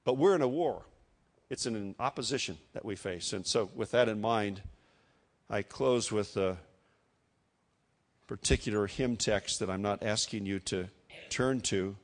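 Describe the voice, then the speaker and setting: An older man from Iowa preaching a sermon, with emphatic rhetorical questions and slow, solemn reading of hymn lines. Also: lowish voice. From Iowa, United States.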